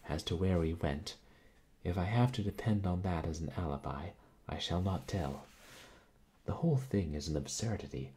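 A man's voice: low-pitched, moderate pace, mellow, breathy edge. A man reading aloud voices a stern, guarded young man who turns agitated under pressure in a storybook. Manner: stern, clipped.

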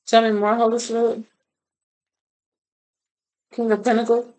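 A woman's voice: fairly high pitch, level tone, a little slow, a little mellow, low-quality recording. A woman doing a casual tarot reading, blunt and profane, laughing often. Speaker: tarot reader.

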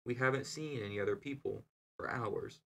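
A man's voice: medium pitch, moderate pace, vocal fry, a little hiss or hum, lightly acted. A man doing an anxious, worried young wife. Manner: worried, doubtful.

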